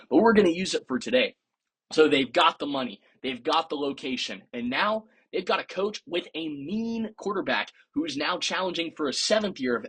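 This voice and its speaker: Man, husky voice, pitch swings a lot, podcast host, opinionated sports talk, playful sarcasm. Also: a bit bright. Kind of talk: casual sports commentary.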